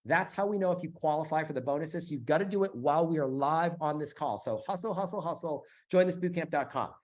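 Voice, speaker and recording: A middle-aged man hosting a live sales webinar, pitching emphatically with repeated phrases and frequent fillers. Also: fast talker. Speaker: webinar host selling a business bootcamp.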